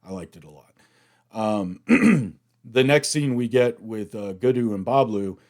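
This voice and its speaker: An American man hosting a reaction video, chatting through an episode recap in an animated way. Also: medium pitch, a little slow. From United States. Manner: chatty, animated retelling, acts out quotes.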